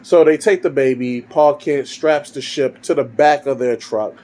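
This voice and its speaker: A man casually narrating a story he wrote, wandering through it with fillers and restarts. His voice is dark and mellow, with an ordinary middle pitch. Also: measured pace. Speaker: fan fiction storyteller.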